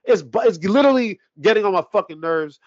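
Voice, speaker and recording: A man's voice: sits high, animated, fast, no echo, muffled recording. A man co-hosting a sports podcast, ranting heatedly with heavy swearing in casual talk. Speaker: podcast co-host.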